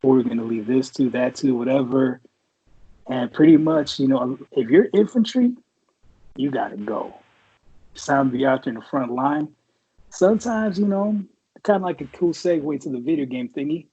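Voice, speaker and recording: A man's voice: medium pitch, lively intonation, moderate pace, warm tone, slightly rough, lo-fi sound. A man in his forties from the Bay Area, a Marine veteran and podcast co-host, telling stories in a rambling, profane way, full of fillers. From San Francisco Bay Area. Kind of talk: casual storytelling chat.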